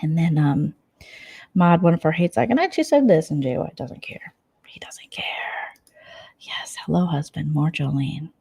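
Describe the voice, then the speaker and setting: Husky, mellow-voiced woman vlogger gossiping. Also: deep voice. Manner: gossipy, sarcastic, drops into whispers. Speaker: vlogger host. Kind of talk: late-night casual gossip chat. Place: at home at night.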